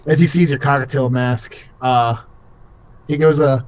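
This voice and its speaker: A man's voice: medium pitch, steady tone, unhurried, a little mellow, no echo. A young man narrating as game master in a casual, rambling way full of fillers.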